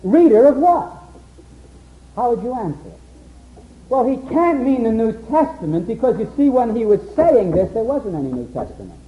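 A man's voice: very high-pitched, normal speed, dull audio. A man teaching a Bible sermon, acting out quotes and dialogue in a raised voice. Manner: animated, acts out quotes in a raised voice. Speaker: preacher.

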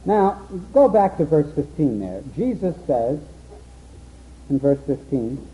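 A man's voice: fairly high pitch, measured pace, narrow, tinny audio. A man teaching a Bible sermon, acting out quotes and dialogue in a raised voice. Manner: animated, acts out quotes in a raised voice. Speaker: preacher.

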